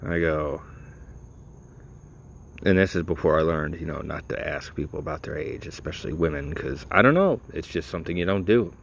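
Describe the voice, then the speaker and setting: A man's voice: rumbling low, normal speed, gravelly, slight background noise. A man casually telling a personal story to his listeners, rambling with lots of fillers and wry, profane asides.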